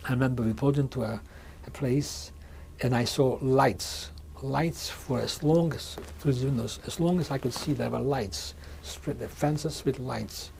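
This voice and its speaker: A man in his sixties giving a measured oral history testimony in an interview, often restarting and repeating words as he speaks. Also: medium pitch, vocal fry, darkish tone, slight background noise. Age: 60s. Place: museum interview room.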